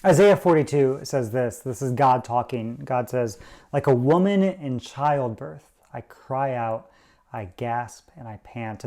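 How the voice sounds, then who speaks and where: A man's voice: medium pitch, dark tone. A man preaching a sermon as pastor, earnest and conversational, slipping into little quoted voices to make his point.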